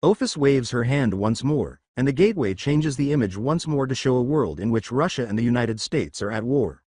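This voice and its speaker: A man reading a fan story aloud as its narrator, in a steady storytelling way. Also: mid-range voice, normal speed, dry recording, studio quality.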